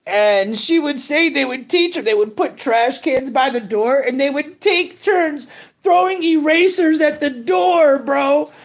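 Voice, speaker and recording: A man's voice: very high-pitched, measured pace. A middle-aged man hosting a live news stream, ranting in profane slang and greeting chat viewers.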